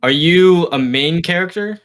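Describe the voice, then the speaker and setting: A young man in his twenties co-hosting a casual podcast, who guesses hesitantly and pauses on fillers. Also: fairly high pitch, a bit bright. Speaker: podcast co-host. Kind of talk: casual banter with friends.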